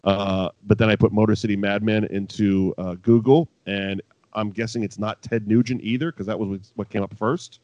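A man's voice: fairly low pitch, fairly even intonation, normal speed, darkish tone, no room sound. A man co-hosting a podcast, chatting casually about old wrestling and rambling with profanity and laughing asides. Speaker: podcast co-host. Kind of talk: casual wrestling recap chat. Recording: dull lo-fi dry sound.

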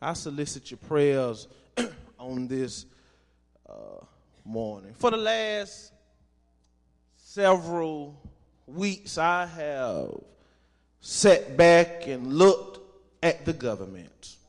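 A pastor preaches a sermon in a church sanctuary, reading scripture before calling out to his congregation for responses. His voice sits a little high, and he speaks slowly and deliberately, building toward shouts. Long reverb from the hall hangs on every phrase. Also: sing-song.

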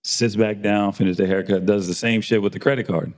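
A man's voice: fairly low pitch, fairly even intonation, fairly quick, a little mellow. A man telling a barbershop story in casual chat, acting out the dialogue and swearing freely. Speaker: barber and podcast host.

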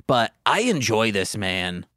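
A man's voice: lowish voice, big pitch swings, takes it slowly, sharp tone, dry recording, clean studio sound. A man co-hosting a podcast in casual chat, a chatty storyteller who acts out the voices of people he quotes. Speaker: podcast co-host.

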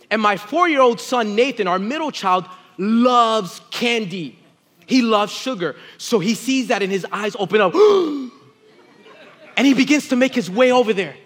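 A man in his thirties preaching a sermon, telling a family story and rising from quiet reflection to loud exclaiming. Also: high voice. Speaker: pastor. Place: church with congregation responding.

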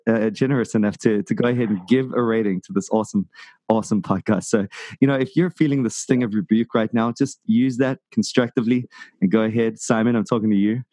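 Rambling low-voiced podcast host. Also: male voice, a little mellow, no room sound. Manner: rambling, many fillers and restarts, jokey. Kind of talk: casual podcast chat.

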